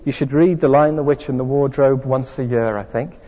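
A man's voice: mid-range voice, a little fast, warm tone, husky. A man preaching a sermon, speaking emphatically and asking rhetorical questions. The recording is dull with a long hall reverb.

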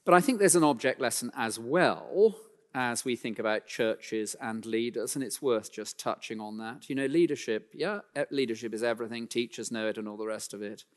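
A man preaching a sermon, speaking emphatically and slowing down to read scripture aloud, in a church. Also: mid-range voice. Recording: long hall reverb.

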